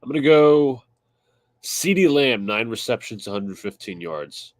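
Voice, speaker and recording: A man's voice: mid-range voice, expressive, measured pace, no echo. A man co-hosting a casual sports podcast, stumbling over words and then hurrying through his picks. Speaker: podcast co-host.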